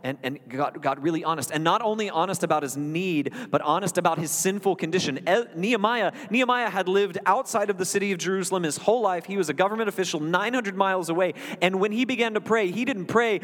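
A preacher's voice ringing through a hall. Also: male voice, sits high, expressive, quick pace, hardly any pauses, fairly bright tone. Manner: conversational, earnest, with wry asides. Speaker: pastor. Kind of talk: sermon.

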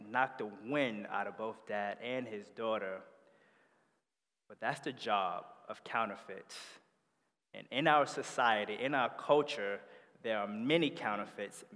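A man preaching a sermon, telling stories in an animated way that builds in energy. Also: lowish voice. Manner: animated storytelling with rising energy. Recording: long hall reverb.

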